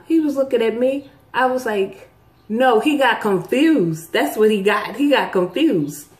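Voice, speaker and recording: A middle-aged woman with a somewhat high voice chats casually with her viewers. She tells her stories in a lively way and jumps well up in pitch whenever she acts out the people she quotes. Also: measured pace. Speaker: vlog host.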